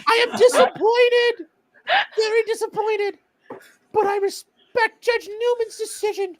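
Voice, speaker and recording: A man's voice: animated, moderate pace, dry recording. A man doing a comic impression of a whiny, weepy grown man who reads a statement as if choking back tears. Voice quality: whiny, high and nasal. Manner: overdone self-pity, choking back tears. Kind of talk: comic impression on a live stream.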